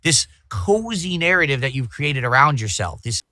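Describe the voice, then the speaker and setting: A man's voice: mid-range voice, sing-song, normal speed, pushed and bright, dry recording, studio quality. A man livestreaming, lecturing his chat indignantly and repeating his accusations. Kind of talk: ranting livestream talk.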